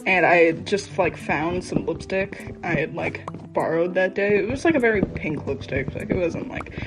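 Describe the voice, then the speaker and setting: A young woman in her late teens chatting casually and excitedly, rambling with lots of fillers. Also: lowish voice, normal speed, rough recording. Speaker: vlogger. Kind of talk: casual chat over gameplay. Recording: background music playing. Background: background music.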